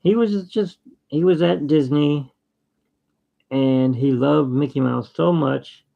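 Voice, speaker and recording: Slow, gravelly-voiced man rambling while drawing. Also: on the high side, highs cut off. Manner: rambling and jokey. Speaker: artist and channel host. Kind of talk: casual chat while drawing.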